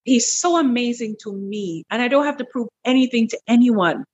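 A middle-aged woman guest in an interview, telling a personal story in a lively, animated way, repeating words as she goes. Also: normal speed, husky, highs cut off. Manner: animated, breaks into high quoted voices, repeats words. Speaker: interview guest, wellness clinic owner.

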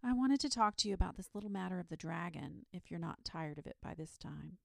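A woman reading a storybook aloud, voicing an excitable young boy who talks in a breathless, urgent rush. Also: lowish voice, brisk, vocal fry, no room sound, clean studio sound. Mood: polite. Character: eager excitable young boy, dragon's friend.

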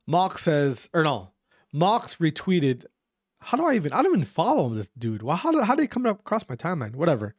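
A young man giving a profane, heated esports rant, repeating himself and dropping to quiet asides. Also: a little high, huge pitch swings, a little fast. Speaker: esports commentator. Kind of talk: ranting casual commentary.

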